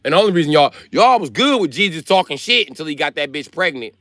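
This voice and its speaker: A man's voice: a little high, fast talker, no room sound. Man ranting profanely on a livestream. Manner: profane, rambling, lively storytelling. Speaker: livestream host. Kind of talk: comedic livestream rant.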